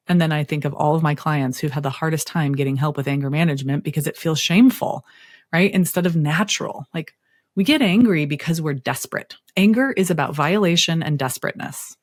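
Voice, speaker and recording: A middle-aged woman therapist speaking in an interview, expressive and storytelling with playful asides. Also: low-pitched, brisk, dry recording, studio quality. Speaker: therapist guest. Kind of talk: interview conversation.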